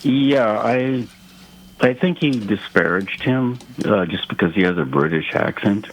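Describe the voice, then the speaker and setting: A man with a very deep, low voice phones in to a radio talk show. He speaks earnestly and sounds somewhat indignant, pressing his point firmly. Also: animated, unhurried, lo-fi sound, a little hiss or hum. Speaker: caller. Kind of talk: call-in radio conversation.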